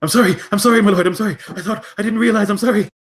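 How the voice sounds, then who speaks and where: A man doing a panicked boy squire who stammers out his sorrys in a thin, high squeak, pitched way above the narrator's own voice. he's full of fear and grovels before his lord. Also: very fast, close to an everyday voice. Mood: terrified. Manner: frantic, stammering apologies.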